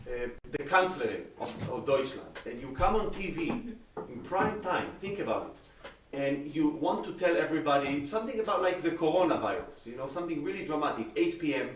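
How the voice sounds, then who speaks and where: Cello teacher, male, Israeli accent, lively explainer, recorded off-mic in an echoey room. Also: fairly high pitch, moderate pace, a little hiss or hum. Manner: animated, uses everyday comparisons and acted-out examples. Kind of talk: masterclass critique. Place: room on a video call. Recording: roomy sound, distant from the mic.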